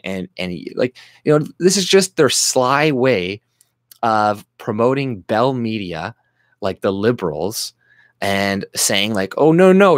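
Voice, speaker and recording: A man's voice: on the low side, dry recording, clean studio sound. A Canadian man ranting casually about politics, profane, with frequent restarts and mocking quoted voices. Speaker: political commentary vlogger.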